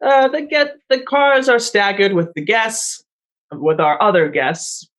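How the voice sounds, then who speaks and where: A man's voice: high-pitched, a little slow, fairly bright tone. A man voicing a tough, no-nonsense woman who runs a train and lays down the rules. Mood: blunt. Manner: gruff, blunt orders.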